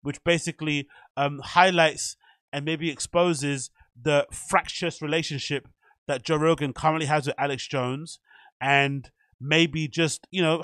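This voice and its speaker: A man's voice: fairly high pitch, fairly bright tone, no room sound, clean studio sound. A man hosting a commentary channel, chatting casually and rambling with fillers.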